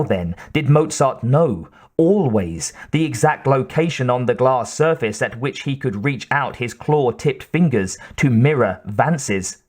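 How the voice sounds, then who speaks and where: A man reading an audiobook in a measured, even scripted narration. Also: mid-range voice.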